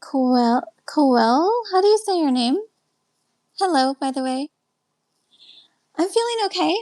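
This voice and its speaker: A life coach from Texas hosts a casual webcam live stream, greeting viewers and answering their comments one by one. Her high voice is animated yet a little mellow, her pace slow, and she seems slightly tired as she winds down.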